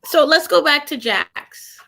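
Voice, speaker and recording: A woman chatting as a guest on a live stream, a bit tipsy and giggly, with an animated way of talking. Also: high voice, slow pace, vocal fry. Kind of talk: casual group chat.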